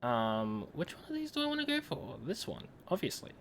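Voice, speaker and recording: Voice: mid-range voice, huge pitch swings, brisk, a little hiss or hum. A game streamer chatting casually while playing, joking and laughing often. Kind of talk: casual gameplay chat.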